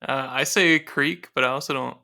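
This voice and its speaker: A man in casual podcast chat, laid-back, with dry deadpan jokes and casual swearing. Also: mid-range voice, normal speed, creaky.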